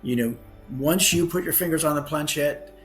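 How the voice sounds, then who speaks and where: A man's voice: fairly high pitch, moderate pace, fairly bright tone, faint music behind. A man, a guest author on a podcast, telling a story earnestly and often correcting himself mid-sentence. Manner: earnest anecdote telling with frequent self-corrections.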